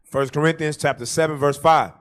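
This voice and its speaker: A man reading Bible verses aloud for the bishop in a steady, plain way, heard from some way off the microphone. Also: fairly high pitch, fairly quick. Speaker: scripture reader.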